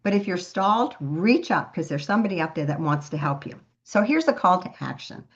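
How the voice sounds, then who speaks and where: Earnest woman team leader with a low voice giving a motivational talk, muffled lo-fi recording. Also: animated, brisk. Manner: earnest, storytelling, repeats words for emphasis.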